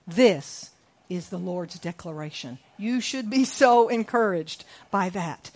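Middle-aged woman pastor, emphatic sermon voice, mid-range pitch, repeats lines, quizzes the room. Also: lively intonation, slow pace. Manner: emphatic, repeats key lines, questions the congregation. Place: church sanctuary.

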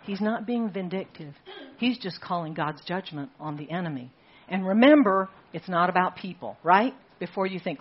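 A woman pastor preaching a sermon in a church, emphatic, with repeated phrases and slow, dramatic stresses. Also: on the low side, lively intonation, breathy edge, muffled recording. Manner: emphatic, rhetorical repetition with dramatic slowdowns. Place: church sanctuary.

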